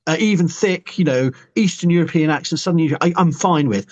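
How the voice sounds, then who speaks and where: A man's voice: a little high, fast talker, darkish tone. A man, a professor, chatting playfully on a live stream. He teases in a mock-confessional way and often restarts his words. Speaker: archaeology professor and host. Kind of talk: playful chat. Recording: dull lo-fi online live stream sound.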